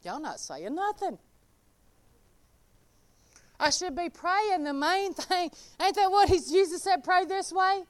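A woman preaching an informal sermon, folksy and animated, calling out members of the congregation by name. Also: very high voice, slow, pauses often.

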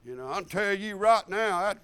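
Male preacher, high and expressive, folksy and animated. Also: moderate pace, clean tone, no room sound. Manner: folksy storytelling, animated, acts out quotes. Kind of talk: sermon.

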